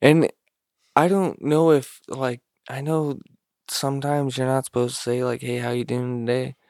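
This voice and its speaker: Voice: medium pitch, little pitch movement, moderate pace, a little mellow, no echo, clean studio sound. A laid-back podcast co-host who swears and laughs often in casual banter.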